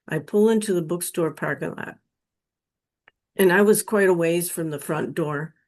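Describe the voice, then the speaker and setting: A woman's voice: on the low side, darkish tone. A woman telling her personal near-death experience story in an earnest, emotional way. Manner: slow, earnest, emotional retelling.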